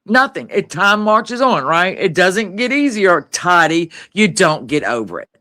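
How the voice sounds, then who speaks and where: A man's voice: high-pitched, sing-song, measured pace, bright, forceful tone. A man hosting a live stream discussion, impassioned, grieving and swearing freely.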